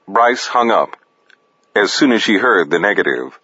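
Man, audiobook narrator, slow, lowish voice, dull dry recording. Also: lively intonation, bright, forceful tone, husky, no echo.

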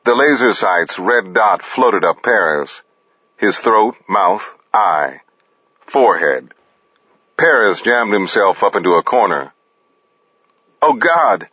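A man narrating fiction in an expressive, deliberate manner. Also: fairly low pitch, slightly rough, no room sound, highs cut off. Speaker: audiobook narrator.

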